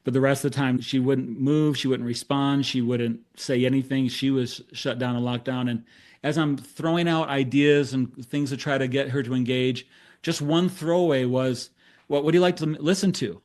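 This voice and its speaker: A man's voice: medium pitch, normal speed. A middle-aged man, a therapist, telling a case story in a talk, acting out the dialogue with self-deprecating humor. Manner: animated storyteller who acts out quoted dialogue. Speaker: therapist presenting case studies.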